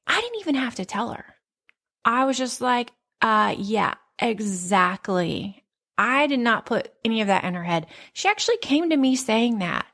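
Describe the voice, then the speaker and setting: A woman in her thirties hosting a podcast, telling stories in a candid, profane, animated casual chat. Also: a little high, a little fast. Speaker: podcast host.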